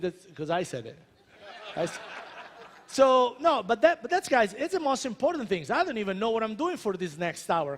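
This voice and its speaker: Speaking at a motivational event in a big, echoing convention hall, an Italian celebrity chef in his thirties addresses the crowd directly. His voice is fairly high and carries an Italian accent, and he's animated and joking as he drives his points home, each word ringing out in the long reverb.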